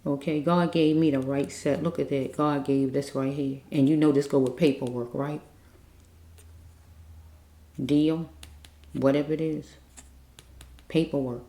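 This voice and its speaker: A woman's voice: low-pitched, steady tone, unhurried, long pauses, mellow, reverberant. A woman doing a spiritual card reading, talking earnestly and pleading, repeating herself and checking in with listeners. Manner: repetitive, keeps checking in with listeners. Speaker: card reader.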